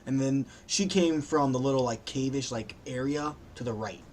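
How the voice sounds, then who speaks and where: A man narrating a tabletop game as game master in a relaxed, offhand way, pausing to think things through aloud. Soft keyboard typing ticks away behind him. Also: mid-range voice, slight background noise.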